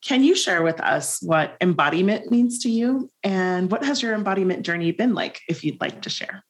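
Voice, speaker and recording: A woman's voice: medium pitch, expressive, normal speed. A woman co-hosting a podcast, reading an intro and asking questions in an upbeat way. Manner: upbeat, laughs easily. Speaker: podcast co-host. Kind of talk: read introduction, then casual chat.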